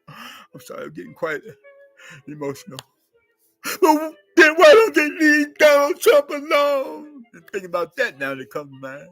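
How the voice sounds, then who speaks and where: A man's voice: high voice, very animated, moderate pace, gravelly, fairly bright tone, no room sound, soft background music. A man vlogging in a rambling monologue, with theatrical mock sobbing.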